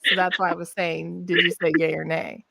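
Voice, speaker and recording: A woman hosting a casual group chat, teasing the others and laughing often, clearly the one in charge. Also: fairly low pitch, level tone, fairly quick, sharp tone, no room sound. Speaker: host, company owner.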